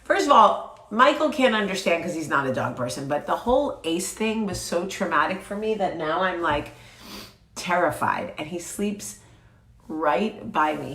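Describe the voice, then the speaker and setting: A woman's voice: on the low side, animated, normal speed, a bit bright. A woman with a cold, chatting casually and bluntly to camera in her vlog, swearing freely. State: sick with a cold. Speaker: vlog host. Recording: roomy echo.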